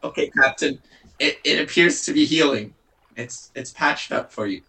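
A man voicing an eager, clumsy young pirate lookout in an improvised comedy, stammering and squeaky. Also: moderate pace, creaky, bright, forceful tone. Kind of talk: improvised comedy role-play.

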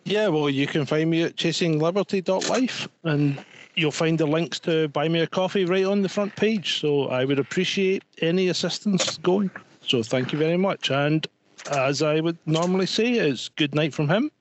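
A middle-aged man talking on a podcast. His voice sits a touch higher than most men's. He chats casually but gets worked up, repeating phrases and swearing. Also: moderate pace, a little hiss or hum. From Scotland. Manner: indignant, repeats himself, swears. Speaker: podcast co-host. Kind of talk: casual chat.

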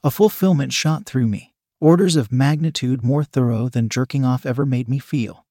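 Man, first-person story narration, quiet even reading, mid pitch, dry. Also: moderate pace, husky, no room sound.

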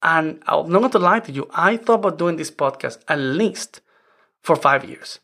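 Non-native English-speaking male podcast host in his forties, earnest and rambling, with a fairly high voice. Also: expressive, moderate pace, creaky, pushed and bright. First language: not English. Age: 40s. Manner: earnest, rambling with many "I mean" restarts. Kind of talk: casual self-help podcast monologue.

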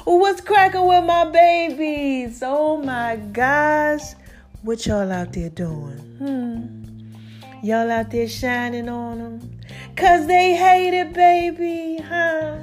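A woman's voice: high voice, slow pace, faint music behind. A woman hosting her own podcast in a casual, playful chat, talking straight to her listeners. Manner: lively, playful, calls listeners "baby" and "y'all". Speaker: podcast host.

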